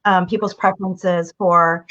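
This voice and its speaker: A middle-aged woman speaking as a guest communication coach in a conversational interview. She talks in an animated way and acts out family dialogue, with many restarts. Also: on the low side, a little slow. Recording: dull lo-fi audio.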